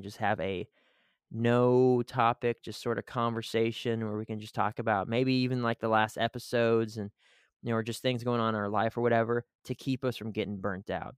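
Male podcast co-host, casual rambling delivery; smooth, clear voice with dry close-mic sound. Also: medium pitch, no echo. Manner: rambling, full of "you know" and "like".

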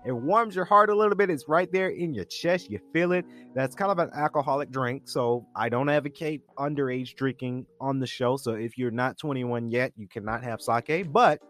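A man hosting a casual podcast, talking excitedly and often restarting his sentences. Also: mid-range voice, moderate pace, faint music behind. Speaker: podcast host.

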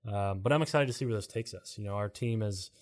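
A man with a lowish voice talks quickly in a casual podcast chat. He stays calm and rambles, leaning on fillers like "you know" and "like". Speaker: podcast co-host and co-founder.

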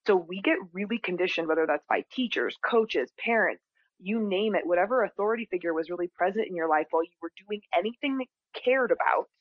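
Expressive woman on a dull, dry recording. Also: on the low side, fast, no room sound. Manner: expressive, acts out quoted voices. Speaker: spiritual teacher, podcast guest. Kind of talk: conversational interview.

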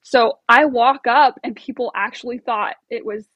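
A woman's voice: a little high, fairly even intonation, moderate pace, no room sound, lo-fi sound. A woman telling a story as an interview guest, bubbly and chatty with many fillers and laughs. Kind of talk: casual storytelling.

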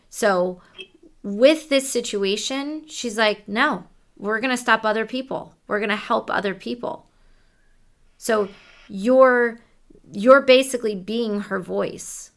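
A woman gives a psychic reading in a quiet, low-key voice. Her pitch sits in a plain middle range, and she passes along messages calmly and conversationally. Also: creaky. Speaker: psychic medium.

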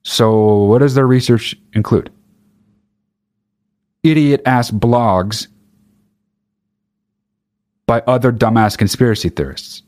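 A man ranting with sarcasm and heavy swearing, mocking others in high put-on voices. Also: slow pace, pauses often, darkish tone. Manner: angry, sarcastic, swears a lot. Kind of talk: profane ranting monologue.

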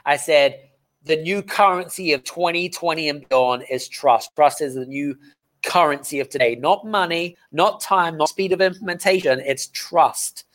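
A man hosts an interview in a somewhat high voice. He speaks with emphasis, pausing on "um" as he gathers his thoughts before landing his point firmly. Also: fairly bright tone. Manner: emphatic, with halting "um" fillers. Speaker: host. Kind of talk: conversational interview.

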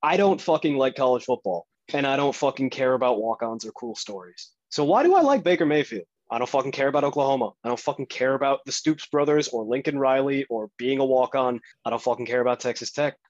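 A man's voice: medium pitch, animated, fast talker, few pauses, no echo, highs cut off. A man hosting a podcast, delivering a blunt, profane, combative sports rant. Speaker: podcast host.

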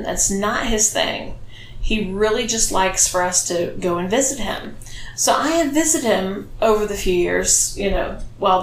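A woman co-hosting a podcast, chatting casually and teasing, drifting off topic as she goes. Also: mid-range voice. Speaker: podcast co-host, dominatrix. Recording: roomy echo with faint noise.

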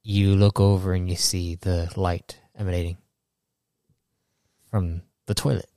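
A man's voice: deep voice, flat delivery, mellow, no echo, studio quality. Young man narrating a tabletop game. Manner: casual, halting narration with frequent restarts. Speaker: game master.

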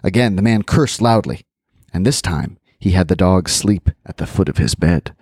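A man with a fairly low voice reading a spooky folk tale aloud, lively in his delivery and breaking off for casual asides. The recording is close and dry. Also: normal speed, slightly rough, no room sound. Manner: animated storytelling with chatty asides. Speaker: podcast host and storyteller.

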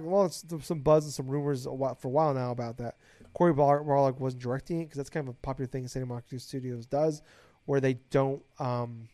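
A young man hosting a casual podcast, rambling excitedly, swearing a lot and getting loud when hyped. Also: fairly high pitch, dry recording. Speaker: podcast host.

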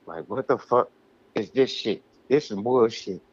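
A man's voice: medium pitch, animated, a little slow, breathy edge, no echo, highs cut off. A man co-hosting a casual podcast, ranting heatedly and swearing a lot. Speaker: podcast co-host.

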